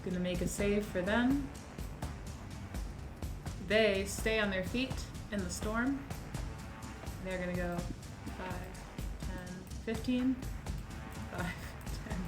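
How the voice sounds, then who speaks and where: A woman acting as game master in a tabletop role-playing game, brisk and encouraging as she calls out turns. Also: medium pitch, music in the background.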